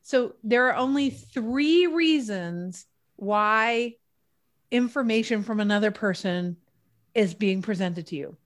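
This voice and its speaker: A woman guest in a casual interview, talking in an animated, chatty way with playful analogies. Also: mid-range voice, takes it slowly.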